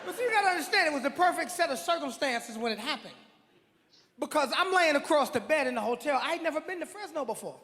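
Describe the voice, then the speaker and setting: Bright, high-voiced man chuckling through a story. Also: lively intonation, quick pace. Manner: chuckling, easygoing. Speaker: comedian's friend telling his side. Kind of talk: on-stage storytelling. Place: large live venue on stage. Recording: echoey hall with crowd.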